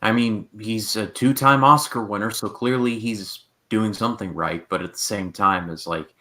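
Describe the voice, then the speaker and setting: A man co-hosting a casual movie review chat, adding facts in a measured way. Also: fairly low pitch, pushed and bright. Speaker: podcast co-host.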